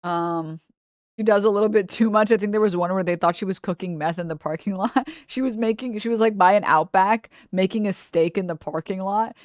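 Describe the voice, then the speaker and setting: A woman's voice: medium pitch, a little fast, no room sound, clean studio sound. A woman streamer chatting casually, rambling with lots of fillers and trailing off mid-thought. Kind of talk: casual live-stream chat.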